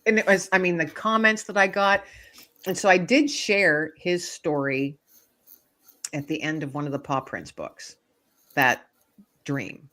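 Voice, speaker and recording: A woman guest author shares a personal story in a relaxed interview. Her voice sits a little low, and she tells the story with animated expression, bringing the quoted voices to life. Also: unhurried, pauses often.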